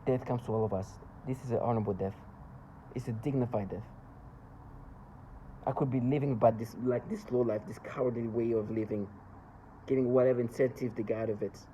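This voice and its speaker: A man's voice: mid-range voice, steady tone, fairly quick, long pauses, warm tone, lo-fi sound, a little hiss or hum. A man in an agitated, accusatory, emotional rant, speaking as a monologue. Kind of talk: angry ranting monologue.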